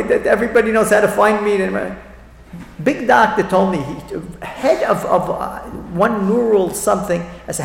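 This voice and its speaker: A middle-aged man delivers an animated, story-filled inspirational talk, often repeating his words for emphasis. His voice sits high and has a gravelly edge. The sound rings around a large echoey hall with a long tail. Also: normal speed. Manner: animated, repeats phrases, acts out quoted voices. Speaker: speaker at a religious talk.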